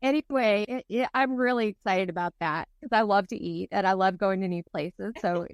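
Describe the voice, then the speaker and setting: A woman hosting a podcast in casual chat, excitable and talkative, laughing often. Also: medium pitch, moderate pace, no echo. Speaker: podcast host.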